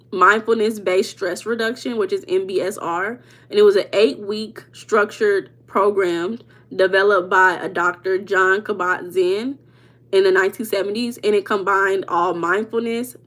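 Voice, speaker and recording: A woman with a mid-range voice hosts a live chat stream and talks to viewers in a loose, easygoing way. She calls out names from the chat and laughs often. Now and then she tosses in playful bits of Spanish before settling into an informal explanation. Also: medium pitch. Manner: chatty, reads out viewers' names and answers them. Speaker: livestream host. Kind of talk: casual livestream chat; informal teaching on mindset.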